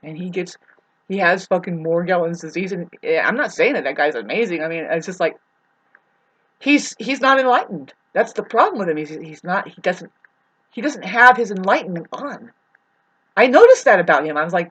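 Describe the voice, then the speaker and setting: A woman's voice: on the low side, lively intonation, moderate pace, fairly bright tone, husky, rough recording. A woman delivering a rambling, profane, agitated monologue to the camera as a vlogger.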